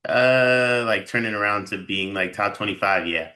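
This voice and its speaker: A man with a very low pitch and a very bright, edgy tone, co-hosting a casual sports podcast. He rambles loosely, circling back and piling up filler words as he thinks out loud. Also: normal speed. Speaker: podcast co-host.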